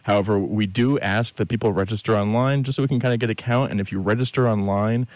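A man's voice: on the low side, fast, darkish tone, no room sound. A man guesting on a radio chat, friendly and informative with many fillers. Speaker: festival organizer guest. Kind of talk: casual radio interview.

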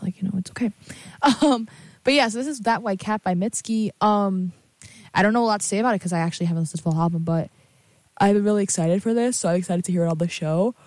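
A woman's voice: medium pitch, fast, a little mellow, dry recording. A young woman hosts a casual show, chatting between songs in a loose, rambling way full of "like" and "um". She sounds sleepy and keeps correcting herself. Her voice sits in a middle register and is recorded dry and close, with no room sound. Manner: rambling, scattered with fillers and self-corrections. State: sleepy, yawning. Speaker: host playing and introducing songs. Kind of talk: casual chat.

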